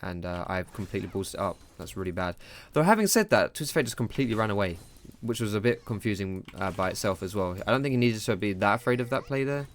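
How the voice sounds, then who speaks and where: A man's voice: fairly low pitch, lively intonation, fast talker, few pauses. A young man commentating his own gameplay live, self-critical and rambling, with casual slang and swearing. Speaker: gaming streamer.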